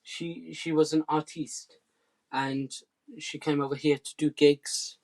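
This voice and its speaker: A man from southwest England doing rambling comic patter between songs, hesitant and deadpan, full of ums and restarts. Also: fairly high pitch, takes it slowly, gravelly. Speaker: comedy musician hosting a live stream.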